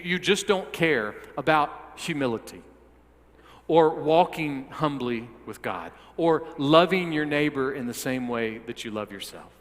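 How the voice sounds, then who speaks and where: A man's voice: on the high side, fairly bright tone. A male pastor preaching a sermon, often repeating words as he restarts and putting direct questions to the listeners. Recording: long hall reverb.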